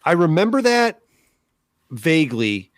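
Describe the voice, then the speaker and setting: A man's voice: fairly high pitch, very animated, measured pace, no echo, studio quality. Joking, crude male co-host. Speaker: podcast co-host. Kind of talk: casual chat.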